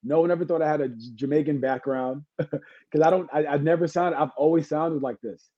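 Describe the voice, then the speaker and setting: A man from Brooklyn, a guest entertainer chatting on a podcast, telling animated stories with jokes and laughs. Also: fairly high pitch, a little fast, no echo. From Brooklyn, New York. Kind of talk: casual podcast chat. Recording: dry, slightly dull lo-fi sound.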